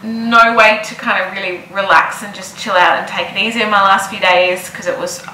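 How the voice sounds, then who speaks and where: A woman's voice: medium pitch, steady tone, moderate pace, pushed and bright, reverberant, a little hiss or hum, rough recording. A heavily pregnant young woman chatting casually in a vlog, repeating words for emphasis. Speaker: vlogger.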